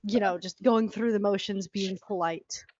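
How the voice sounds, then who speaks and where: A woman's voice: medium pitch, steady tone, moderate pace, darkish tone, dry recording. A woman playing a tabletop game who chats about what her character does. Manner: chatty, describes her character's actions. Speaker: player. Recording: dry, dull lo-fi sound.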